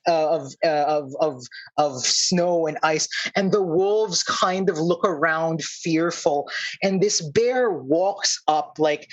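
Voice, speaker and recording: A man's voice: high voice, a bit bright, rough recording. A man narrating as game master of a tabletop game, hesitant and full of fillers. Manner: hesitant, many fillers and restarts.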